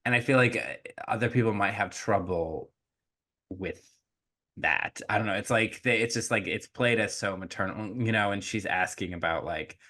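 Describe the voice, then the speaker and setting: A man's voice: lowish voice, normal speed, sharp tone. A man co-hosting a podcast, talking casually about a movie with lots of "like" and "you know," often laughing. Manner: chatty, filler-heavy, laughs easily. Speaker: podcast co-host. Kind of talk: casual film discussion.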